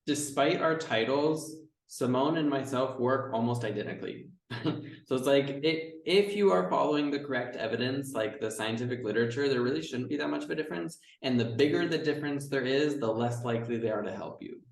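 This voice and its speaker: Relaxed man, roomy distant sound. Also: mid-range voice, a little fast, vocal fry. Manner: relaxed, explanatory, uses "like" often. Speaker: chiropractor guest. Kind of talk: casual podcast conversation.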